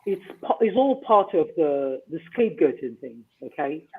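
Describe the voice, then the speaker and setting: Man with a high voice, talking over a tinny phone line. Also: big pitch swings, moderate pace, a little hiss or hum. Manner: emphatic, keeps tagging lines with "okay?". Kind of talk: animated advice monologue.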